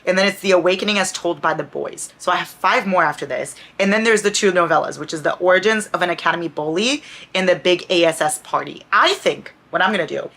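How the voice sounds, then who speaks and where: Gushing young woman with a lilt. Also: on the low side. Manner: animated, gushing, swears freely. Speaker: book vlogger. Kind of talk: casual book vlog chat. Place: home at night.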